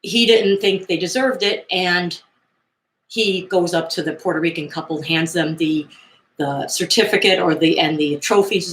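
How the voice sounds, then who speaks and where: Chatty woman with a low voice. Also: normal speed. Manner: chatty and digressive, with frequent fillers and asides. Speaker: vlogger. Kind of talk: casual retelling of 1970s pop culture. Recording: roomy echo.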